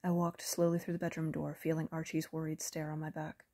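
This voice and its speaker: Woman narrator, low husky voice, measured audiobook reading. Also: completely flat delivery, dark tone. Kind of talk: first-person audiobook narration.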